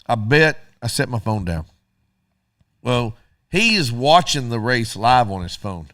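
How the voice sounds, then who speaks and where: A man's voice: mid-range voice, sing-song, unhurried, a bit bright, no echo, studio quality. A middle-aged man, co-hosting a radio show and telling a story casually while acting out both sides of the dialogue.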